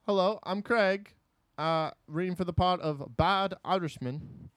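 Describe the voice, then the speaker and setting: A man's voice: high voice, unhurried, a bit bright, no room sound. A man in an improv comedy scene playing a fumbling, self-important actor at an audition, hesitant and stammering, agreeing with everything. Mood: amiable, fumbling.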